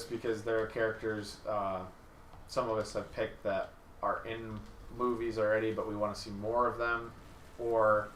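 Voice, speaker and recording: Enthusiastic young male podcast host, bright sharp tone, rambles, distant mic in an echoey room. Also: medium pitch, a little hiss or hum. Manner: enthusiastic, rambling, quick to laugh. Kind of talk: casual podcast chat.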